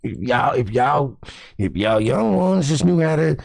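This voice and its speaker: A man's voice: mid-range voice, big pitch swings, unhurried, gravelly, darkish tone, dry recording, studio quality, voice pushed up. A man voicing a grumpy old man who lectures young people in a preachy, scolding way.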